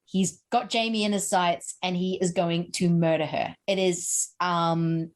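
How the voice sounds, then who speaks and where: A woman hosting a podcast, chatting casually and excitedly about horror films, with plenty of "like" and mild swearing. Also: on the low side, measured pace. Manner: chatty, animated, swears for emphasis. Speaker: podcast host. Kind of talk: casual chat.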